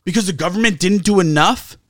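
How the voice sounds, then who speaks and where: A man on a sports podcast tears into his critics in a high, strained voice, swearing constantly and dripping with sarcasm. The sound is dry and close, with no room around it. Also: fairly quick, no room sound. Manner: profane, ranting, sarcastic. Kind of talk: heated sports talk rant.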